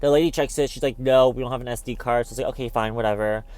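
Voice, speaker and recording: A man's voice: medium pitch, steady tone, racing, a little mellow, smooth, dry recording. A young man vlogging, telling a dramatic story in a chatty way and calling the listener "babes" often. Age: young adult. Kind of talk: casual storytelling vlog.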